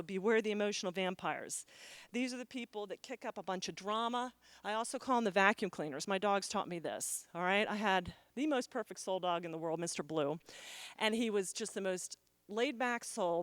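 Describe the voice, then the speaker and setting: A woman's voice: mid-range voice, expressive, a little fast, no room sound. A woman motivational speaker giving a keynote talk, telling stories with acted dialogue and checking in with the audience. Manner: storytelling with acted dialogue, asks the audience "okay?". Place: conference stage.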